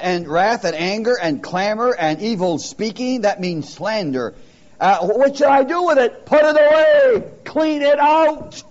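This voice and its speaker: In a high-pitched, slightly mellow voice, a man preaches emphatically and throws questions out to the congregation. The sermon recording is dull and lo-fi.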